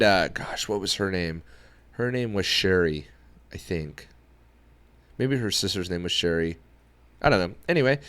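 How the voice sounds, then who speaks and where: Male podcast host, young adult, animated storyteller, clean resonant tone. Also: on the low side, smooth, dry recording. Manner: animated storyteller who acts out quoted dialogue.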